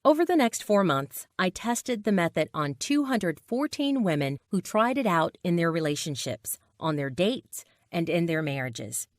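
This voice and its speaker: A woman's voice: on the low side, sing-song, moderate pace, hardly any pauses, dry recording, studio quality. A woman narrating a dramatic personal story in a scripted read.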